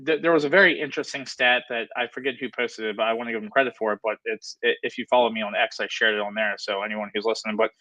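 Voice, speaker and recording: A man hosting a casual sports chat, talking fast and animated about his team. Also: mid-range voice, dry recording. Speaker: podcast host. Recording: dull, lo-fi, dry sound.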